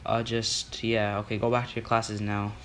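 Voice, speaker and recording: A man's voice: lowish voice, monotone, normal speed, a bit bright, slight background noise, lightly acted. A guy quoting a hesitant, placating principal. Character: calm, patient male school principal.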